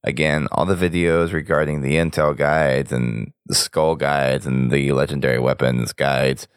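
Hoarse gravelly man hosting a podcast. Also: fairly even intonation, a little slow, no room sound, clean studio sound. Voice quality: very deep gravelly voice. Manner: talkative, rambling sign-off. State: hoarse, losing his voice. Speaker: podcast host. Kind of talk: casual podcast chat.

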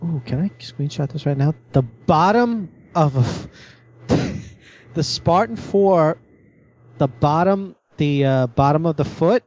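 A man with a slightly raised pitch hosts a casual gaming podcast. He stumbles through restarts and keeps the talk loose. The audio sounds muffled and lo-fi. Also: animated, a little mellow. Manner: halting, restarts often, laughs easily.

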